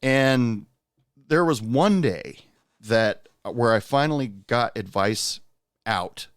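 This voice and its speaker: A man hosting a podcast, telling a personal story in a casual, rambling way with lots of pauses. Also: medium pitch, clean tone, no room sound, studio quality. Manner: rambling, many "uh" pauses, animated when quoting. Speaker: podcast host and bartender.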